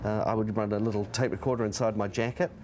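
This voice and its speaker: A man's voice: on the low side, steady tone, fast, darkish tone, slight background noise. A man with a New Zealand accent, interviewed in a pub, telling brash anecdotes with a chuckle. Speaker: interviewee, former tabloid consumer reporter.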